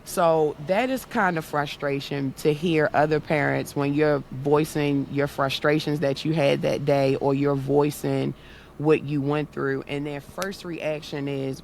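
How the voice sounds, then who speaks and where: A woman's voice: sits low, fairly even intonation, measured pace, creaky, a little mellow, a little hiss or hum. A woman guest in a casual interview, telling personal parenting stories earnestly and acting out the voices she quotes. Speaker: guest, content creator and autism awareness activist.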